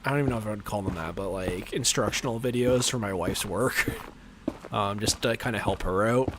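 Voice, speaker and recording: Man, deep low voice, casual gameplay chat, rambling with fillers, noisy stream recording. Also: a little fast. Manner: rambling, filler-heavy, chuckling. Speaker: livestream gamer.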